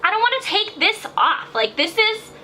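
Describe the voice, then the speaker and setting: A woman's voice: very high-pitched, big pitch swings, moderate pace, sharp tone. A young woman doing a chatty makeup tutorial voiceover from her bathroom, gushing and rambling with lots of "like". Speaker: beauty vlogger. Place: home bathroom. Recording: faint fan hiss. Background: bathroom fan noise.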